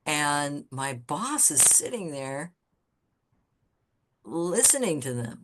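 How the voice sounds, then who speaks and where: A woman guest on a podcast, telling candid stories about her design career in a blunt, swearing, animated way. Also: low-pitched, takes it slowly, background noise. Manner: animated storyteller who acts out quoted people. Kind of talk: casual storytelling interview.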